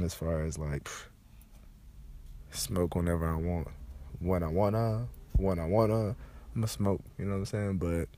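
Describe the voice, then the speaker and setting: A young man with a congested, stuffed-up voice, telling loose, profane stories in a casual rant. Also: low voice. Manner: loose, profane, animated storytelling.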